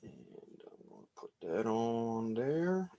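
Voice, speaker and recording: A man casually talking through a fly tying demonstration as he works, relaxed and rambling. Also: medium pitch, slow, gravelly, lo-fi sound. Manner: relaxed, rambling, talks while working.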